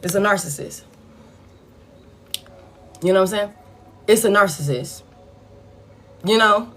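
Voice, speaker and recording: Husky, blunt woman reading tarot. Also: mid-range voice, unhurried. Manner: blunt, profane, animated storytelling. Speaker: tarot reader. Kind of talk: casual collective tarot reading.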